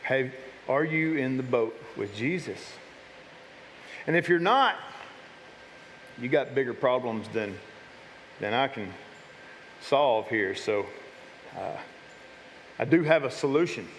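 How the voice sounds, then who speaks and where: A man's voice: mid-range voice, lively intonation, takes it slowly, long pauses, a bit bright, a little hiss or hum. A man preaching a casual, conversational sermon to his church, often repeating and restarting his words. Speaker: pastor. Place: church sanctuary. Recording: long hall reverb.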